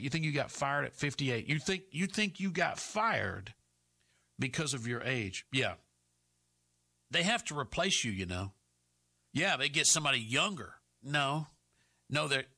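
A man's voice: mid-range voice, pushed and bright, slightly rough. A middle-aged man hosting talk radio, firing off combative rhetorical questions in an opinionated monologue.

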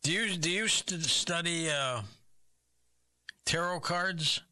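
Bright-voiced man hosting a guessing game. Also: fairly high pitch, slow, smooth. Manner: curious, probing questions with puzzled reactions. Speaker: game show host. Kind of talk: comic radio game show hosting.

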